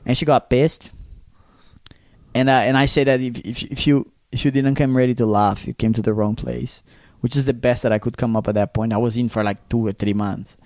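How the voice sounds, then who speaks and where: Brazilian dude on a podcast, mid-pitch voice, dry close mic, chatty and swears a lot. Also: male voice, fairly quick, dry recording. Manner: animated, swears freely, acts out quotes. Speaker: podcast co-host and comedian. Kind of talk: casual storytelling chat.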